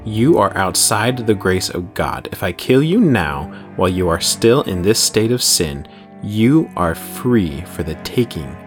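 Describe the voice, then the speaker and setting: A man voicing a possessed, murderous man bound to a demon, speaking with slow, gloating menace. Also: low voice, big pitch swings, faint music behind. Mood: cold. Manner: slow, gloating menace with raised, strained outbursts.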